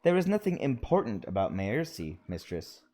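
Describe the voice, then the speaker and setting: A man voicing a dutiful robot servant who speaks formally and calmly while reading game dialogue aloud. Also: mid-range voice, moderate pace. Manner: formal, addresses "mistress".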